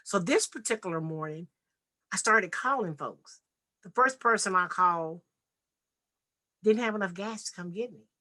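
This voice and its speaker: Heartfelt lady telling her story on a podcast, bright punchy tone. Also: mid-range voice, moderate pace, pauses often. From Nashville, US. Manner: earnest, heartfelt, vivid retelling. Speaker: podcast guest. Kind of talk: personal testimony storytelling.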